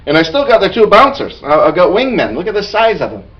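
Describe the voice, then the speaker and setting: A man's voice: sits high, huge pitch swings, fast, distant mic, highs cut off. A man playing a boastful, bawdy male dwarf warrior who tells a rambling tavern tale in character. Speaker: player telling an in-character story. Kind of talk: in-character storytelling.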